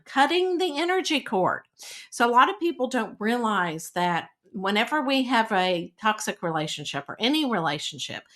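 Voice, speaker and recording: A woman's voice: a little high, fairly bright tone. Chatty woman giving spiritual advice. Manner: conversational, with fillers and "all right?" check-ins. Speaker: spiritual teacher. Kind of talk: casual podcast talk giving advice.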